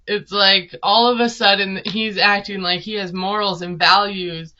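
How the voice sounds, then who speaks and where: A woman vlogger from Minnesota breaks down a reality show with chatty sarcasm and frequent laughs. She talks a little slowly in a steady, medium-pitched voice with a sharp tone, and the audio is dull.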